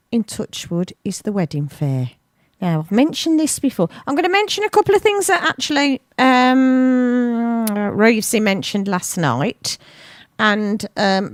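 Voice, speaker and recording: A woman with a medium-pitched voice presents a local radio show from a studio, chatting and rambling while interrupting herself with asides. Her studio microphone picks up no room sound.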